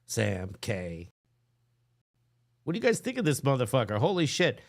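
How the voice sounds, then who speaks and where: A man's voice: medium pitch, huge pitch swings, moderate pace. A man hosting a podcast, reacting to a video with crude, exasperated commentary. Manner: profane, exasperated, laughing. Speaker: podcast host.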